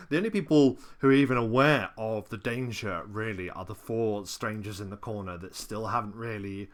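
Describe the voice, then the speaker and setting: A man narrating as dungeon master of a tabletop game, animated and quick to laugh. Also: fairly low pitch. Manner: animated, laughing, acts out shouts.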